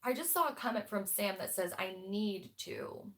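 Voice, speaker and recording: A woman's voice: medium pitch, animated, normal speed. A young woman hosting a book club livestream, talking casually and bluntly with lots of fillers and restarts.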